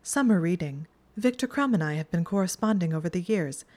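A prim, bookish young witch who explains things briskly and matter-of-factly, as a woman reading a storybook puts her on. The voice sits a little above the reader's own low tone. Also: lively intonation, darkish tone, lightly acted.

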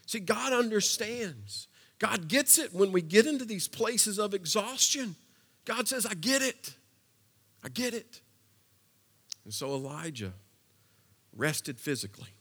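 A man preaching a sermon in a conversational way, dropping to a hush and then building to impassioned passages. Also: fairly high pitch, slightly rough. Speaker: pastor.

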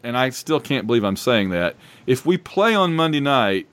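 Rambling, excitable male podcast host. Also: mid-range voice, normal speed. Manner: rambling, excitable, self-interrupting. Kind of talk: casual sports chat.

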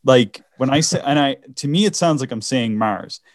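A man's voice: medium pitch, expressive, normal speed, no room sound, clean studio sound. A man from the Canadian Maritimes co-hosting a podcast in casual chat, often stopping and restarting his sentences. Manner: hesitant, many restarts and laughs. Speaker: podcast co-host.

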